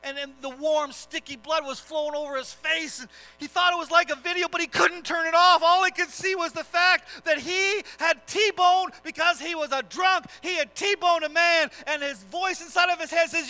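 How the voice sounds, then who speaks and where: High, bright-voiced impassioned preacher. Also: male voice, fairly even intonation, normal speed, few pauses, faint music behind, low-quality recording. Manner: impassioned, swelling emphasis. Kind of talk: dramatic sermon storytelling.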